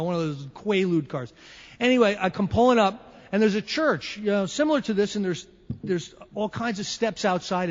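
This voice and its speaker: A man speaking at a recovery meeting, telling his personal story in an animated, wry way and acting out moments. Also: high voice. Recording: lo-fi recording in a reverberant hall.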